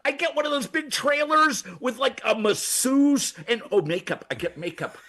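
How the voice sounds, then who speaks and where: A man's voice: very high voice, lively intonation, normal speed, sharp tone. A man on a comedy radio show, rambling frantically with constant stammers and restarts. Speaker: recurring comedy segment guest. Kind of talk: excitable comedic radio chat. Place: radio studio.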